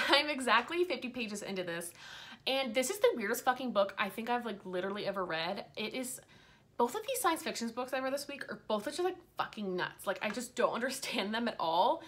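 A woman's voice: on the high side, expressive, a little fast, a bit bright. A young woman talking casually as a book vlogger, rambling frankly, full of fillers and swearing freely. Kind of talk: casual chat.

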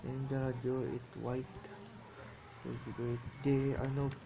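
A man's voice: medium pitch, flat delivery, unhurried, vocal fry, background noise. A man giving rambling, self-amused commentary as he draws, in broken English phrasing. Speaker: drawing vlogger. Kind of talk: rambling commentary while drawing.

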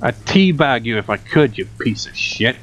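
A man's voice: medium pitch, animated, moderate pace, a bit bright, a little hiss or hum. A young man giving exasperated, sarcastic commentary on a game he is playing at home, swearing often. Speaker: let's play gamer. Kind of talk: gameplay commentary. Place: home room with a cat. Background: game music.

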